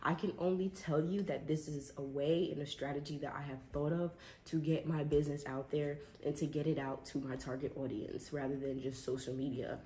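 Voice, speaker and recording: A woman's voice: low-pitched, warm tone, slight background noise. A woman who runs a small business, chatting casually to her viewers as she vlogs outdoors and from her car on a handheld phone. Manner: chatty, talks straight to viewers. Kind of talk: casual vlog narration.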